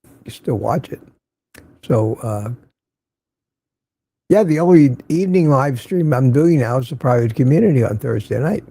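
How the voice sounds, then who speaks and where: A man's voice: mid-range voice, animated, moderate pace, creaky, pauses often, dark tone, slightly rough, dry recording. An older man hosting a casual morning livestream, chatting and greeting viewers by name as he reads their comments. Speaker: livestream host.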